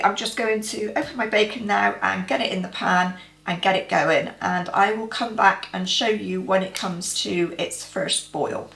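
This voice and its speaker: A woman's voice: medium pitch, creaky, fairly bright tone, roomy sound, poor audio. A woman host giving chatty, practical step-by-step cooking instructions in her home kitchen. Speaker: cooking vlogger. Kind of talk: casual cooking demonstration.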